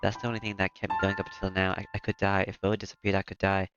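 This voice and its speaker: A man voicing a weeping, guilt-ridden young woman, reading her lines quietly with stammers. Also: low-pitched, monotone, very fast, natural voice. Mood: anguished. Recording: lo-fi with loud music behind.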